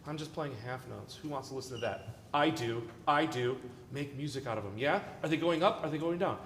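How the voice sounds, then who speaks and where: This male orchestra conductor has a medium-pitched, slightly bright voice and talks a little fast. During rehearsal he coaches playfully, joking and encouraging. The large concert hall sounds echoey with long reverb, with slight background noise.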